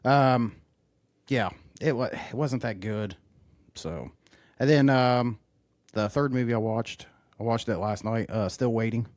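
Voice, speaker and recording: A man co-hosting a casual podcast, laid-back and swearing freely, with his voice often trailing off quietly. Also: medium pitch, measured pace, long pauses, dry recording. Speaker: podcast co-host. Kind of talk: casual chat.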